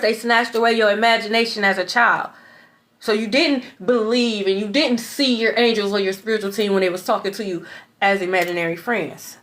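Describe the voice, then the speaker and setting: A woman's voice: a little high, fairly bright tone. A woman giving a spiritual tarot reading in a blunt, preachy way. She swears, laughs in scorn and keeps asking "okay?". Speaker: tarot reader.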